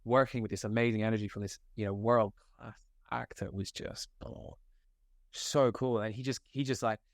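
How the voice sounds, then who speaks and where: A young man from Scotland, an actor, telling set stories in a casual interview, animated and slangy, full of filler likes. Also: on the low side, moderate pace, dry recording, clean studio sound. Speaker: actor guest.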